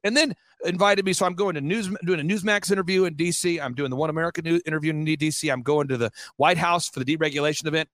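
Casting: middle-aged man, fairly high voice, dry close sound, emphatic repetitive storyteller. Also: a bit bright, no room sound. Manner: fast-paced, repetitive, emphatic. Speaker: guest. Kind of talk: animated storytelling.

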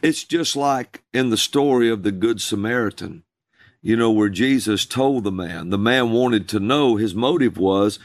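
A man, a minister, telling a personal story in conversation, slow and drawn out. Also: no echo, clean studio sound. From USA. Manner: slow, drawn-out storytelling with calls acted out in a high voice.

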